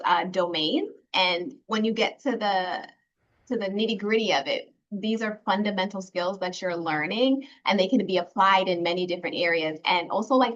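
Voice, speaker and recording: On a casual online panel over a video call, a woman alumna of a program speaks earnestly and reflectively, using many fillers. Her voice is mid-range, and the highs are cut off.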